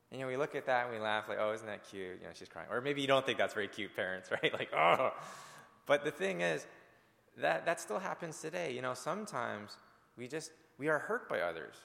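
A man's voice: medium pitch, vocal fry, fairly bright tone, in a large hall. A male pastor preaching a sermon in an earnest, conversational way, speaking directly to his congregation.

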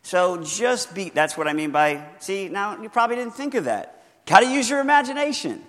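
A man's voice: high-pitched, lively intonation, fairly bright tone. Earnest man teaching in a reverberant hall. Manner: earnest, encouraging, often slows to stress words. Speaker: pastor teaching Bible reading. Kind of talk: teaching talk from a handout.

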